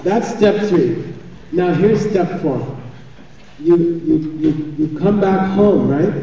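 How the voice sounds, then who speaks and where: A man's voice: on the high side, slow, dark tone. A man giving a spiritual teaching in a chatty, joking way, often checking in with his listeners. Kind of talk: live dharma teaching. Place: large teaching hall. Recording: echoey hall, far from the mic, dull sound.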